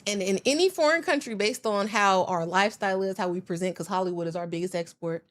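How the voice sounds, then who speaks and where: An American woman, a podcast guest, telling stories in a lively, slangy, casual way. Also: mid-range voice, fast. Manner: animated storyteller, slangy. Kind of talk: casual chat.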